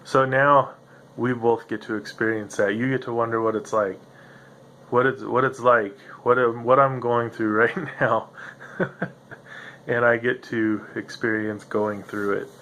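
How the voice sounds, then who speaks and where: Man, podcast host, gravelly, slightly nasal, rambling monologue, faint room hiss. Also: mid-range voice, steady tone, measured pace, a bit bright. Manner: musing, meandering, self-interrupting.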